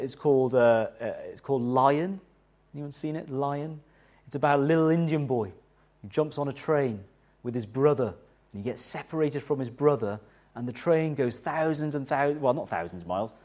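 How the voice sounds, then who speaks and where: A middle-aged man preaching a sermon in an animated, conversational way, asking the listeners rhetorical questions. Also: medium pitch. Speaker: pastor.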